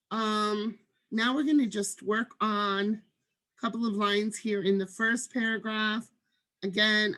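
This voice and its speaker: Slow, measured woman teaching a lesson. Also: medium pitch, a bit bright. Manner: measured, demonstrates reading with marked pauses. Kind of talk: online lesson on reading aloud.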